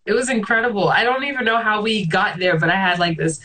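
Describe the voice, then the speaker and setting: A young woman hosts a casual interview with a mid-pitched voice. She sounds upbeat and playful. Her talk is casual and full of asides. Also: fairly even intonation, fast, pushed and bright, rough recording. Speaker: host.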